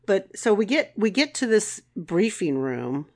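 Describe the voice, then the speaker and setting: A woman's voice: mid-range voice, sing-song, a little slow, darkish tone. A woman co-hosting a casual podcast recap, blunt and grumbling, swearing freely. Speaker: podcast co-host.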